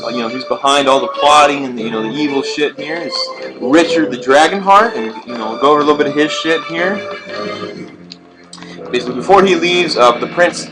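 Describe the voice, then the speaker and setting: A man's voice: fairly high pitch, a little fast. A man narrating a video game walkthrough in a casual, rambling, profane way. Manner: profane, rambling, laid-back. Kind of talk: casual gameplay commentary. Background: game music.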